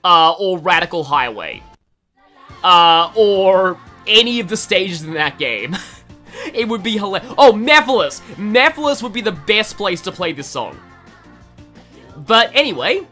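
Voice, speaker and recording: An Australian gaming video host talks in a high-pitched, very animated voice that is bright and forceful yet unhurried. He rambles and chats through the game, laughing often and using lots of fillers, with faint game music behind.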